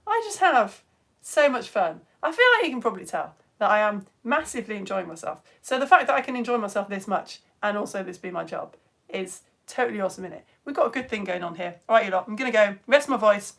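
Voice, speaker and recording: A woman in her thirties hosting a live children's science stream, chatting bubbly and animated as she reads out viewer comments. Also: mid-range voice, quick pace, vocal fry.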